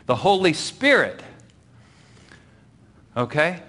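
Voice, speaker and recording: A man's voice: on the high side, very animated, slow pace, pushed and bright. A man teaching a Bible lesson, explaining patiently and checking in with his listeners, often dropping his voice for effect. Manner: explains patiently, asks the audience for agreement.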